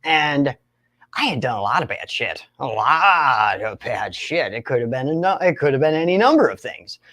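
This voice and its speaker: A young man in recovery, telling his own story in an animated way, often laughing and acting out other voices. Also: medium pitch, moderate pace. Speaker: recovery speaker. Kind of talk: storytelling talk.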